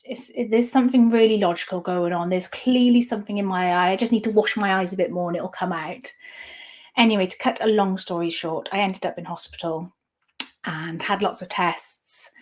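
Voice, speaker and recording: A woman in her thirties, appearing as an interview guest, openly shares a personal story in a mid-range voice. She halts often and keeps restarting her sentences.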